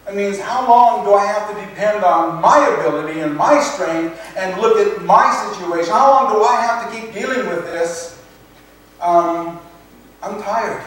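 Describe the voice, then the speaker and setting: A high-voiced man preaches slowly and earnestly, stumbling and repeating words as he works through scripture. He sounds distant from the mic, in a very echoey room with faint background noise. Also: animated. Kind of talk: sermon.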